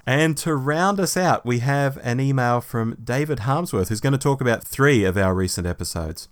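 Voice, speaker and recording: A man co-hosting a podcast, chatting casually and reading listener emails aloud with lively, animated delivery. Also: medium pitch, normal speed. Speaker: podcast co-host.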